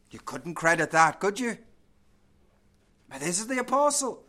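A man's voice: sits high, big pitch swings, takes it slowly, pauses often, bright, forceful tone. A male pastor preaching a sermon, building emphasis with repeated phrases and rhetorical questions.

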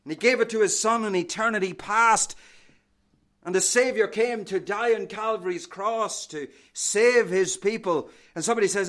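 Impassioned male preacher, rising and hushing. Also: sits high, normal speed. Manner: impassioned preaching, swelling loud then dropping to a hush; reads scripture in old-fashioned wording. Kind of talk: sermon.

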